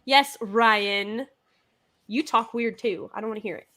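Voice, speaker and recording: A woman's voice: on the high side, a little slow, sharp tone. A woman hosting her livestream, chatting playfully with guests on a call. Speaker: livestream host. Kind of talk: casual chat.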